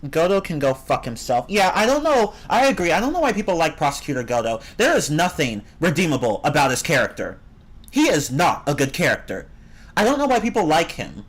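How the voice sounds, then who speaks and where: Opinionated streamer chatting loosely with viewers, lively, swooping delivery. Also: fairly quick, slightly rough. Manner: rambling and opinionated, with swings in pitch; reads and answers the chat. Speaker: game streamer. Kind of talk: casual live-stream chat.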